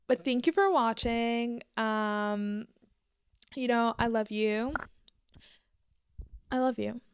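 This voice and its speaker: A woman's voice: on the high side, drawn-out words, long pauses, smooth, no room sound. Chatty young woman rambling on camera. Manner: rambling, joking, lots of "like" and "um"; mock-panicked outbursts. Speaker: booktok vlogger. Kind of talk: casual chat to camera.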